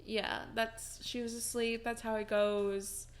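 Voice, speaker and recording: A woman's voice: fairly high pitch, flat delivery, slow pace. A young woman vlogging from home, telling a personal story in a casual, chatty way with many fillers and restarts, and breaking into laughs as she talks.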